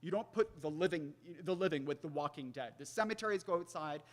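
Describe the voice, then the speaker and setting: A man in his thirties giving a public lecture, animated and acting out quoted dialogue. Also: fairly high pitch, a little fast. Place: lecture hall. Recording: echoey hall with long reverb.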